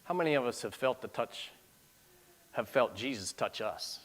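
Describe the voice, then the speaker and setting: A man's voice: medium pitch, animated, moderate pace, a bit bright. A middle-aged man preaching, reading scripture aloud and breaking into plain-spoken asides to explain it.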